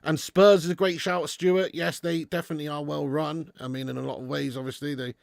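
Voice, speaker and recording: A man's voice: on the high side, little pitch movement, a little fast, gravelly, no room sound, clean studio sound. A man hosting a live football watch-along stream, reading out donations and bantering with viewers in a chatty manner with frequent laughs.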